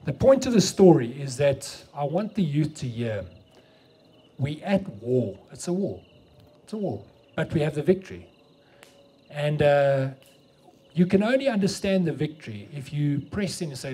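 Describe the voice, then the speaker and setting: A man's voice: on the high side, very animated, normal speed, warm tone, husky. A middle-aged South African man with an Afrikaans accent, preaching a sermon and telling a story, mixing English and Afrikaans.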